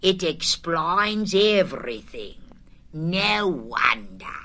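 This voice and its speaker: A woman voicing a gloomy old gray male donkey in a storybook reading, talking slowly and mournfully. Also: low-pitched, very animated, bright, forceful tone, full character voice. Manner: slow, mournful, sighing.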